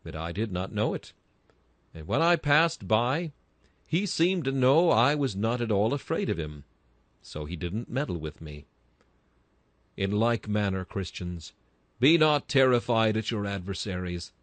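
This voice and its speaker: Fervent low-voiced man reading a sermon. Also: sing-song, measured pace, no room sound. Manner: emphatic, rising to bursts of fervor. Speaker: sermon reader. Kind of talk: read-aloud Victorian sermon.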